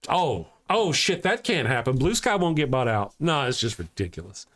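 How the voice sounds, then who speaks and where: A man's voice: mid-range voice, big pitch swings, moderate pace, fairly bright tone. A man hosting a live-streamed talk show, ranting heatedly and answering chat comments aloud from home.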